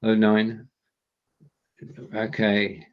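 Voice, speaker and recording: A man's voice: on the low side, completely flat delivery, drawn-out words, dull audio. A man co-hosting a casual live language lesson, joking as he stumbles through German phrases. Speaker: co-host and learner.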